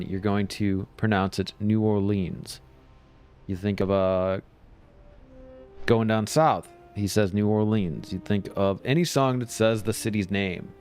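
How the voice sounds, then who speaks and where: A man's voice: lowish voice, darkish tone. A man chatting casually while streaming a game, rambling along and chuckling often. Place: home.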